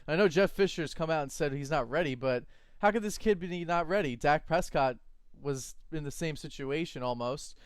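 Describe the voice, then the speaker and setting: A man co-hosting a fantasy football show, animated and opinionated in casual sports talk. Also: fairly high pitch, normal speed, clear, resonant tone, dry recording, clean studio sound. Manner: animated, laughs easily, opinionated.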